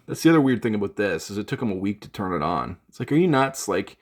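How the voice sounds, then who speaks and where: A man's voice: fairly low pitch, sing-song, quick pace. A man venting in an unscripted vlog from his home studio, rambling with fillers and restarts. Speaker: gear vlogger.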